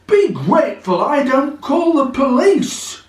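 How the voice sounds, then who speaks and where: A man voicing an indignant, pompous male coin dealer in a shrill falsetto, read from a storybook puzzle. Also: sing-song, slow, full character voice. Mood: outraged. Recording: roomy, from a distance.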